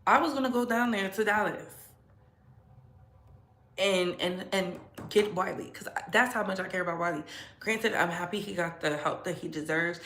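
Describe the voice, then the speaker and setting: A woman's voice: normal speed, roomy sound. A woman hosting a casual livestream, talking with sass and frequent laughter. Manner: sassy, laughs often, animated swings in pitch. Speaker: commentary channel host.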